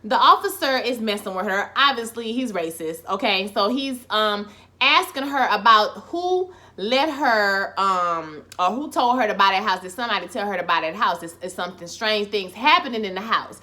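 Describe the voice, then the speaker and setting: A woman giving a sassy, expressive, profane recap of a TV episode. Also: mid-range voice, normal speed. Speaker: TV recap vlogger.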